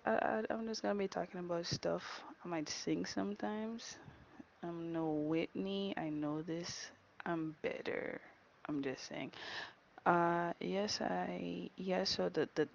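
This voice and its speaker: A woman's voice: lowish voice, gravelly, muffled recording, slight background noise. A woman hosting her own podcast, chatting casually and teasing her listeners with playful jabs. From Jamaica. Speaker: podcast host. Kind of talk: casual solo podcast monologue.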